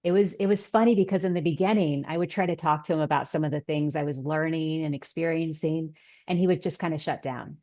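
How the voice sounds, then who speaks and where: Casting: middle-aged woman guest, low voice, earnest storytelling tone. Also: quick pace, warm tone. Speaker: guest author and healer. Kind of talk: casual interview chat.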